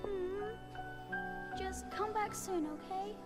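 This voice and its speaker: A woman's voice: very high-pitched, very slow, loud music behind the voice, heavily acted. A woman voicing a shy, grieving young boy in a video game. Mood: pleading. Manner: timid, hesitant.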